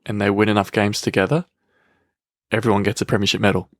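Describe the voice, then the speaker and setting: A man's voice: on the low side, level tone, fast talker, dry recording. A man, co-hosting a podcast in casual banter, joking dryly and laughing at his own bits. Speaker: podcast co-host.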